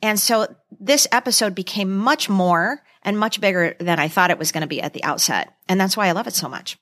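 A woman's voice: medium pitch, fairly quick, a bit bright. A woman co-hosting a podcast, chatting casually, emotional and gushing, with rambling restarts. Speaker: podcast co-host. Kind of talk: casual chat.

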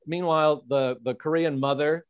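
A man's voice: fairly high pitch, fairly even intonation, moderate pace, clean tone, no room sound, highs cut off. A man co-hosting a podcast, telling an anecdote in casual chat, rambling with many fillers. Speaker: podcast co-host.

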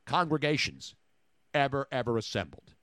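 A man hosting sports talk radio, riffing in sarcastic, rapid jokes into a studio mic. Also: medium pitch, very animated, fairly bright tone, no room sound. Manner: sarcastic, rapid joking riffs.

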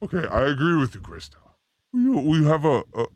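A man's voice: a little high, huge pitch swings, brisk, no echo. A man hosting a casual live-stream chat, provocative and jokey in an irreverent way. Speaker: host.

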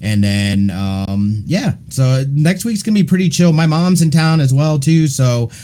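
A man co-hosting a gaming podcast, with a mid-range voice. He talks in a relaxed, meandering way, padding his sentences with ums and uhs. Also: medium pitch, a little slow. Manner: relaxed, rambling with fillers. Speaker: podcast co-host. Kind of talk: casual chat.

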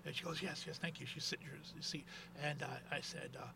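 A man's voice: on the high side, steady tone, fast talker, creaky, background noise. A man who is a guest on a podcast, telling a rambling anecdote in casual chat. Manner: rambling anecdote teller with many restarts.

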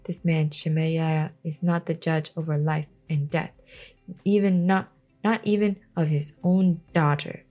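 A woman reading the lines of a gentle, devout young man, soft and earnest, often near a whisper. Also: low voice, steady tone, unhurried, soft background music.

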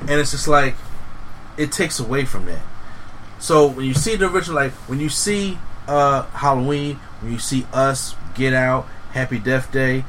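Animated bright-voiced man. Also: medium pitch, normal speed, slight background noise, low-quality recording. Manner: animated, emphatic, swears freely, many restarts. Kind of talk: casual podcast chat about horror movies.

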